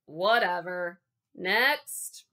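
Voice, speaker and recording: A woman voicing a tired, gruff older male casting director who sighs and speaks curtly. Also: lowish voice, animated, very slow, sharp tone, exaggerated voice. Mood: weary. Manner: weary, sighing, curt.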